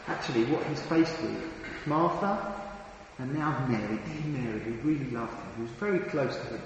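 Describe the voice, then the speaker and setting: A man's voice: mid-range voice, moderate pace, a little hiss or hum. A man preaching a sermon, earnest and emphatic, often restarting and repeating his words. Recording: very echoey hall with long reverb.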